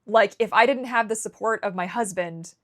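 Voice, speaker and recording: A woman's voice: medium pitch, moderate pace, a bit bright. A Canadian woman vlogging candidly, emotional and rambling, often restarting her sentences. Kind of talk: candid personal vlog.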